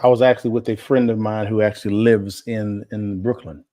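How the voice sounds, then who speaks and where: A man's voice: lowish voice, fairly quick, no echo. Easygoing male co-host, dry sound. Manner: relaxed storyteller, animated when retelling. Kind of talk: casual live-stream chat.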